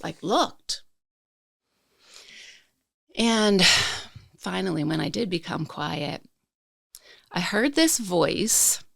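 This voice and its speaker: Slow, gravelly-voiced woman telling her story. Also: lowish voice, fairly bright tone, no room sound, studio quality. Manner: slow and reflective, reliving emotions. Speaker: podcast guest. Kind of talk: personal storytelling.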